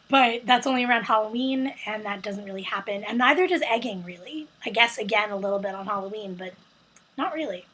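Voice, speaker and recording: A woman's voice: medium pitch, fairly quick, a bit bright, slightly rough, poor audio. A young American woman, casually chatting and reading a word list for a vlog, with lots of ums and self-corrections. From United States. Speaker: vlogger.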